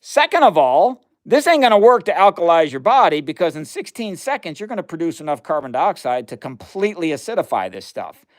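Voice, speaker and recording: Lively american guy doing science demos on a stream, highish voice, laughs a lot, talks to chat. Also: fairly quick, hardly any pauses. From United States. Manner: animated, laughs often, talks to viewers. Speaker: livestream science host. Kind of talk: casual live demo chat.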